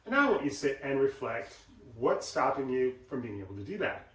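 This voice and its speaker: A man teaching voice exercises, explaining and acting out examples in an animated way. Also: mid-range voice, a little fast, hardly any pauses. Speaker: voice coach. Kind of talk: instructional talk with demonstrations. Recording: roomy sound, mic at a distance.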